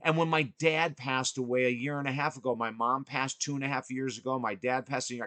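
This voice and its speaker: A man hosting a podcast, telling a personal story earnestly and emphatically, swinging between excited and hushed. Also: mid-range voice, dry recording. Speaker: podcast host.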